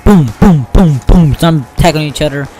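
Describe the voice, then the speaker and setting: A man casually telling a made-up story over gameplay, rambling and excitable, acting out sound effects. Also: a little high, normal speed, soft background music. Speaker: gaming YouTuber.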